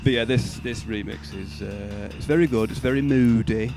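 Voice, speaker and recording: A man's voice: on the low side, normal speed. A man co-hosting a casual music show, swearing, laughing and giving blunt opinions. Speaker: podcast co-host. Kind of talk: casual chat about music.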